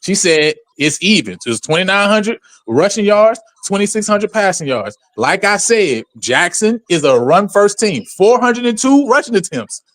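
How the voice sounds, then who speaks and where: A man's voice: sits high, big pitch swings, normal speed, hardly any pauses, fairly bright tone. A man arguing hard in a sports debate, backing his points with statistics. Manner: argumentative, cites stats.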